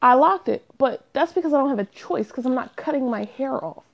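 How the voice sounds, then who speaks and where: A woman talking casually to camera in a chatty, self-deprecating, animated way. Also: sits high, fairly quick, vocal fry, lo-fi sound. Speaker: vlogger. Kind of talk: confessional casual monologue.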